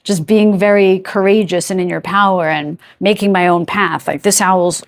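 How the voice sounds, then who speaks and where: A woman in the middle of a tarot reading, speaking at an ordinary middle pitch for her sex. She talks in a loose, chatty flow, gropes openly for the right word, and breaks off to ask her spirit guides questions. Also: steady tone, normal speed. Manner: chatty, gropes for words aloud. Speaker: tarot card reader. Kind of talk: intuitive tarot reading to camera.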